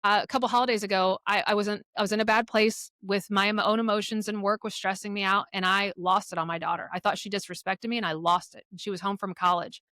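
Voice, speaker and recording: A middle-aged woman speaking as a podcast guest, telling her own parenting stories candidly, with blunt language and lively acted-out quotes. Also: medium pitch, quick pace, few pauses, dry recording, studio quality. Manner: frank, profane, animated retelling of quotes. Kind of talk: candid conversational storytelling.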